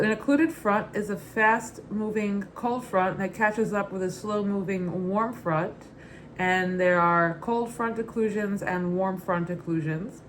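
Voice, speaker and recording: A woman's voice: medium pitch, a little hiss or hum. A woman who is a private pilot, reading her study notes aloud in a casual, upbeat, matter-of-fact way.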